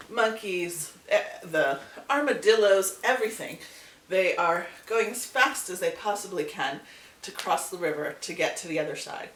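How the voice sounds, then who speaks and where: A woman hosting her channel, telling a folk tale in a casual, animated way with chatty asides. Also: fairly low pitch. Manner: animated, repetitive storytelling with asides. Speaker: channel host and storyteller. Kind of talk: casual storytelling vlog. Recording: echoey room, distant mic, faint hiss.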